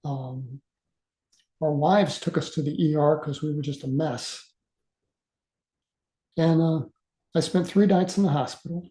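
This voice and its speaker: A man in his sixties telling a story from his past as a guest speaker. He talks earnestly and haltingly, with many uhs and repeated words. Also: fairly high pitch, dark tone, echoey room. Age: 60s. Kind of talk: casual storytelling.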